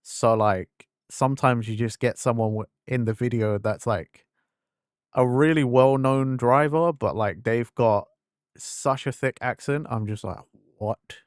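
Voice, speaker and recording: A young man from England talks into a desk mic at home, his London-leaning English accent worn thin. He rambles through casual stream chat, piling up fillers and restarting his sentences. His voice sits at an ordinary middle pitch, and the sound is dry and close with no room echo. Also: measured pace, clear, resonant tone. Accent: fading English, London-leaning. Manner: rambling, filler-heavy, self-interrupting.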